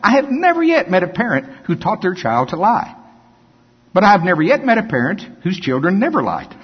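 An older man preaching a sermon, reading scripture and breaking into animated, folksy asides. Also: high voice, a little fast, husky. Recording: dull lo-fi with long hall reverb.

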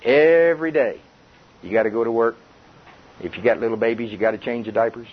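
A man's voice: mid-range voice, fairly quick. An older man preaching a chuckling, conversational sermon to a congregation. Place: church before a congregation. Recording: dull lo-fi tape with faint hiss.

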